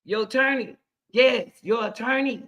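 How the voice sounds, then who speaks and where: A woman hosting casual reaction commentary, excitable and chatty, repeating herself often. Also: on the high side, moderate pace. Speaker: commentary host.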